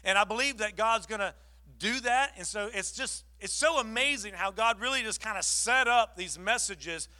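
Male pastor, high bright voice, animated storyteller in the pulpit. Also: moderate pace. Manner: animated storytelling, acts out both sides of the talk. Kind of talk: sermon with a story.

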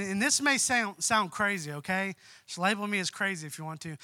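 A man's voice: high-pitched, bright, forceful tone, no room sound. A young man giving a conversational sermon as pastor in a church, folksy and full of asides. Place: church sanctuary.

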